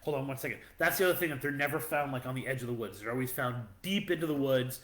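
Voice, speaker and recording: A man's voice: medium pitch, quick pace, a bit bright. A man co-hosting a podcast, telling a story in a rambling, casual way with many fillers. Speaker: podcast co-host. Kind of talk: casual chat. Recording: echoey room.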